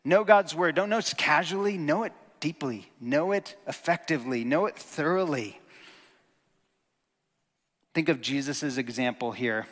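A man's voice: a little high, unhurried, a bit bright. A man preaching a sermon, earnest and emphatic, teaching with rhetorical questions. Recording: long hall reverb.

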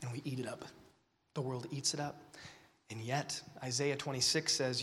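A man preaching to a young crowd with great passion, dropping to whispers and rising to shouts, while fighting the flu. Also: mid-range voice, fairly even intonation, normal speed, long pauses. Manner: impassioned, swinging from whispers to shouts. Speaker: speaker at a youth gathering. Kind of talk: sermon. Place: large hall. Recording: long reverb of a large hall.

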